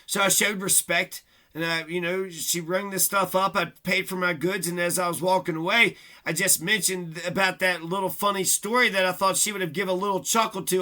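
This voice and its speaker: Vlogger, male, high tense voice; rambling profane rant, aggrieved delivery. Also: fairly even intonation, moderate pace, pushed and bright. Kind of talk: casual ranting monologue.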